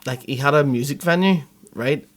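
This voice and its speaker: High-voiced Northern Irish man chatting. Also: normal speed. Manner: animated, swears freely. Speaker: podcast host. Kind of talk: casual chat.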